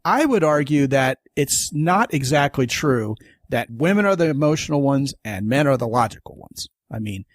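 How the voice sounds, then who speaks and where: A man's voice: mid-range voice, dry recording, studio quality. A man hosting a podcast, talking in an emphatic, folksy way in casual conversation. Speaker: podcast host.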